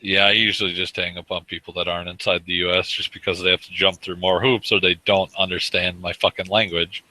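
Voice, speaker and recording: A man's voice: deep voice, little pitch movement, a little fast, bright, forceful tone, rough recording. A man in casual online voice chat, talking in a blunt, profane way. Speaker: voice chat regular. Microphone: online voice chat mic.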